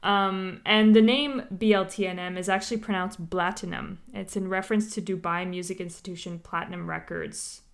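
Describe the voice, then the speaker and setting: A woman's voice: mid-range voice, fairly even intonation, fairly quick, gravelly, few pauses. A woman hosting a podcast, chatting casually and explaining a topic with lots of fillers and asides. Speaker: podcast host.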